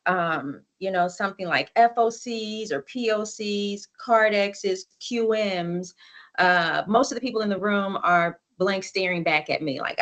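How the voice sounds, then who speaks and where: A woman's voice: medium pitch, animated, unhurried, a bit bright. A woman in her forties giving a conversational storytelling presentation over a video call, with many fillers and restarts. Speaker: conference presenter.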